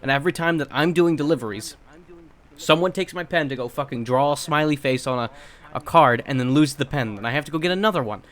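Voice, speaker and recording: A young man co-hosting a podcast in casual chat, telling workplace stories in a blunt, profane, animated way. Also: a little high, quick pace. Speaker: podcast co-host.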